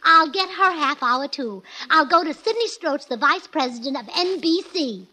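A woman's voice: high voice, expressive, normal speed, sharp tone. A woman playing a cheerful, scatterbrained young wife in 1940s radio comedy, giggly and earnestly illogical. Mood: bubbly. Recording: old 1940s radio broadcast.

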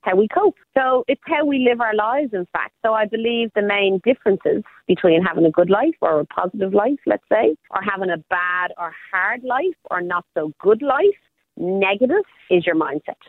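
A woman's voice: medium pitch, expressive, normal speed, dry recording. A woman life coach talking casually on the radio, upbeat and motivational. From Australia. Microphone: phone call. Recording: phone line.

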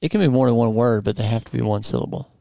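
A man hosting a casual studio chat, relaxed and playful, with lots of fillers. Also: medium pitch, very fast, gravelly, no room sound. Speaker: podcast host.

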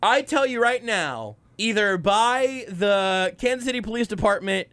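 A man hosting a sports talk radio show, delivering brash, animated hot takes at a rapid clip. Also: high-pitched, clean tone, no room sound. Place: radio studio.

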